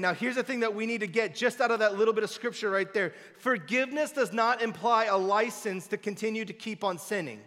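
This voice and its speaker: A man preaching a sermon as a guest pastor, swinging between loud, emphatic declarations and hushed, intimate passages. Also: sits high, fairly quick, few pauses, long reverb tail. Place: church sanctuary.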